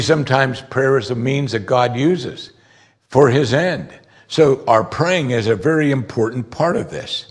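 A man preaching a conversational sermon, explaining scripture and rising sharply in pitch when he makes a strong point. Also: slightly rough. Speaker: pastor.

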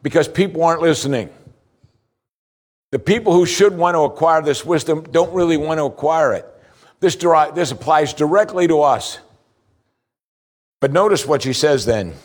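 A man preaching a sermon as pastor, asking the congregation rhetorical questions, his voice rising for emphasis and slowing down on key points. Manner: rises in pitch for emphasis, slows for key points.

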